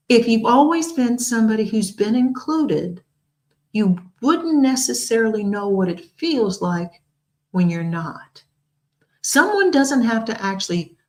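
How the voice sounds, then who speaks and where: A woman in her sixties, hosting a talk show and telling personal stories in an earnest, expressive way. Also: on the high side, rough recording. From United States. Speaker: host.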